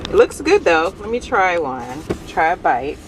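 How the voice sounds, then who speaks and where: A woman's voice: lowish voice, unhurried. Chatty woman vlogging in a noisy restaurant. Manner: chatty and animated, laughs often. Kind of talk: casual food review vlog.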